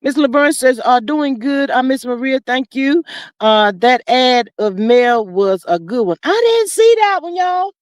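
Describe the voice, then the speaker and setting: Woman, high-pitched, sassy livestream host, reading chat, dry sound. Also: dry recording. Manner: animated, sassy, drawn-out commentary with frequent "child" and "honey".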